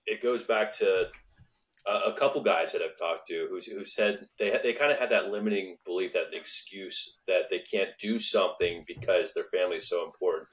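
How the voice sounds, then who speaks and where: Earnest motivational man, lower voice. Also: normal speed. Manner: earnest, motivational, repeats points for emphasis. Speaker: podcast host. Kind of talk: casual podcast conversation.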